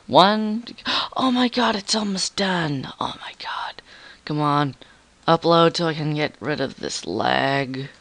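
A man's voice: fairly high pitch, lively intonation, takes it slowly, creaky, fairly bright tone, no room sound. A teenage boy doing goofy, rambling commentary over his game, with a frog in his throat. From Canada. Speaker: gamer. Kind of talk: gameplay commentary.

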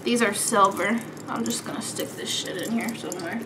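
A woman's voice: mid-range voice, steady tone, moderate pace, background noise. A young woman vlogging casually at home, playful and sassy, calling her viewers darlings and girls. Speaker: beauty vlogger. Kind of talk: casual chat.

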